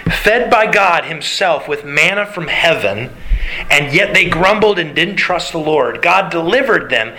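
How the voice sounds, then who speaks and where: A man's voice: on the high side, sharp tone, low-quality recording. A man preaching a sermon. He asks his listeners questions, answers them himself, and guides them through the Bible passage.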